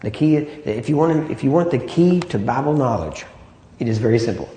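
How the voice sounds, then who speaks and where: A man's voice: medium pitch, expressive, normal speed, warm tone, slight background noise. A man preaching a sermon in an easy, conversational way, often asking "Amen?" and "right?" to draw agreement. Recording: echoey room.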